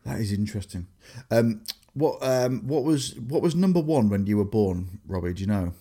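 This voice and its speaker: A man in casual chat, excitable and quick to exclaim. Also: fairly low pitch, slightly rough.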